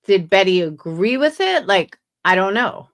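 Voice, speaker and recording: A woman's voice: mid-range voice, very animated, a little slow. A woman hosting a casual livestream, chatting skeptically with viewers and reading messages aloud. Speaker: livestream host.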